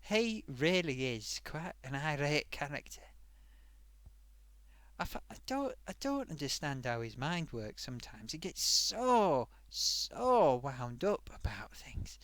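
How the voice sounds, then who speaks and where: Bloke on a live stream chatting away, bouncy lively voice, dry close sound, bit amused at himself. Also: male voice, a little high, takes it slowly, no room sound. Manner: chatty, self-amused, reads out forum comments. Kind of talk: casual live stream chat.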